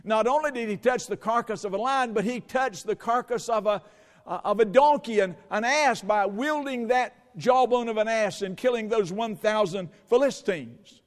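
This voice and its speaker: A man's voice: high voice, moderate pace, long reverb tail. A male pastor preaching a sermon, telling stories with quoted dialogue before moving into scripture.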